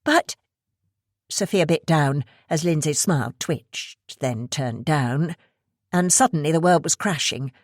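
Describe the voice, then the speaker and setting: A woman reading a thriller audiobook aloud in a steady storytelling way. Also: low-pitched, measured pace, dry recording, clean studio sound. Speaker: audiobook narrator. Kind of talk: scripted narration.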